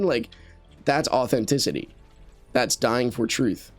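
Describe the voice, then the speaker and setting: A man's voice: fairly low pitch, lively intonation, normal speed, soft background music. A man giving casual commentary while playing a game, talking in an earnest, rambling way with many restarts and fillers into a USB studio microphone. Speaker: gameplay commentator.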